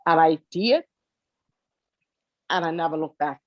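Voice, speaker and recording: A woman's voice: low-pitched, animated, measured pace, no room sound, dull audio. A woman guest telling her own story with emotion, tearful and pleading, repeating herself for emphasis. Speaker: interview guest.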